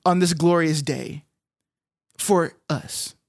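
A man's voice: fairly high pitch, takes it slowly. A man co-hosting a podcast in casual chat, playful and jokey, with a slight lisp on his R sounds. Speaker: podcast co-host.

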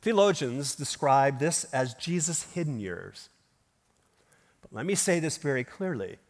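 A man's voice: fairly high pitch, lively intonation, a little slow. A male pastor delivering a sermon in a church, emphatic and full of rhetorical questions. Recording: long hall reverb.

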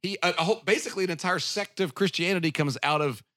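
A man's voice: sits high, fast talker, sharp tone, no room sound. A man hosting a casual podcast discussion, rambling with restarts and laughing often, on a close mic. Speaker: podcast host. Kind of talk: casual chat.

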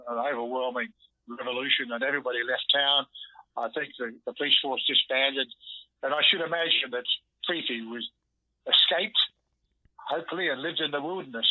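An older Australian actor, heard over a phone line, telling lively anecdotes and acting out the lines he quotes. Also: mid-range voice, no echo. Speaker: guest actor. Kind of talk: storytelling interview. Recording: dull lo-fi phone audio.

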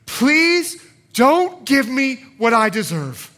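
A man's voice: high voice, big pitch swings, takes it slowly, bright, forceful tone, exaggerated voice. A man voicing a humble male beggar who pleads desperately for mercy. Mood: pleading.

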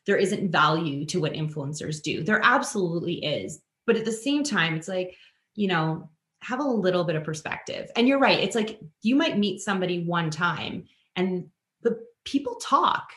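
A woman from Canada tells a story as a podcast guest, her voice sitting on the low side. She acts out the people she quotes with sudden leaps in pitch. The recording has a roomy echo. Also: lively intonation, normal speed, a bit bright. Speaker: guest, influencer and author. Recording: roomy echoing room.

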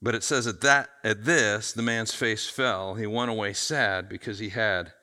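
A man preaching a conversational sermon, acting out the quoted voices with lively shifts in loudness. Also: lowish voice, normal speed, clear, resonant tone. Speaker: pastor.

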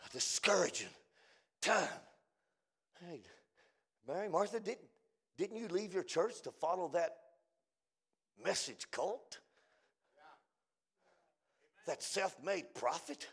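A man preaching a fiery revival sermon, swinging between shouted lines and hushed, low, drawn-out phrases. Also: expressive, breathy edge.

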